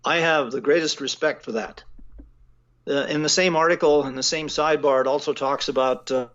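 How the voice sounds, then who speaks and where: A man talking as the guest of an interview, measured and a little halting, often pausing on fillers. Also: fairly high pitch, steady tone, fairly bright tone, highs cut off. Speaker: guest writer. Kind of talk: casual phone interview.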